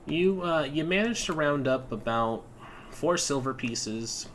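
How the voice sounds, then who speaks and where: A man's voice: on the high side, lively intonation, measured pace, fairly bright tone, slight background noise. A man narrating as game master of a tabletop game, often stumbling over repeated words and laughing. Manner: laughing, stammering restarts.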